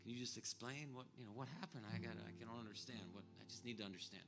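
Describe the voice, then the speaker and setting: A man's voice: mid-range voice, fast talker, over music, lightly acted. A man voicing a shaken woman who pleads and falters as she asks what happened. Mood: pleading. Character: shaken young woman asking for answers.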